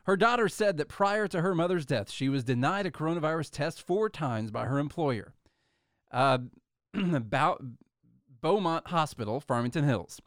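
A man's voice: on the high side, lively intonation, moderate pace, dry recording, studio quality. A man hosting a talk show, reading news articles aloud and adding sarcastic comments in casual commentary.

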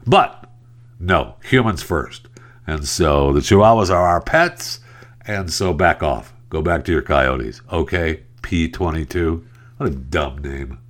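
A man's voice: rumbling low, expressive, slow pace. A man hosting a podcast who rambles through a casual monologue, cracking jokes and chuckling to himself. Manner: rambling, joking, chuckling asides. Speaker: podcast host.

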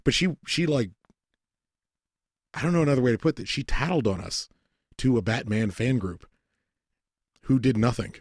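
He's a podcast host with a mid-range voice, a moderate pace and frequent pauses, spinning a loose, foul-mouthed yarn in casual conversation and imitating people in animated voices. The sound is dry and clean, like a studio.

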